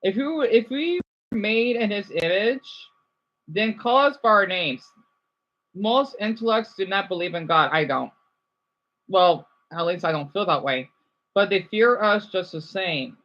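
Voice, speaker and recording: Young guy, bright tone, rambly livestream chat, reads comments aloud. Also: high-pitched, expressive, a little slow, dull audio. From United States.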